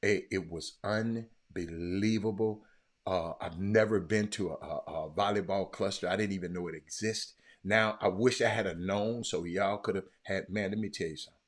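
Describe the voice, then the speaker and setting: Casual live-stream host, man, deep voice, rambling, repeats lines. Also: fairly even intonation, moderate pace. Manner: rambling, repeats himself, reads chat aloud.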